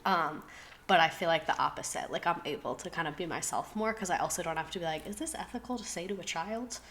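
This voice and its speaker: A woman in her twenties hosting a casual live stream, talking very fast and gasping for air between phrases. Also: lowish voice, a bit bright, a little hiss or hum, low-quality recording. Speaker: streamer host. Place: home streaming setup.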